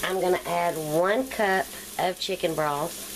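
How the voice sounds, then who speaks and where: A woman's voice: on the low side, measured pace, background noise. A woman with a Southern country accent hosting a cooking show, chatting casually as she walks through each step. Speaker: cooking channel host.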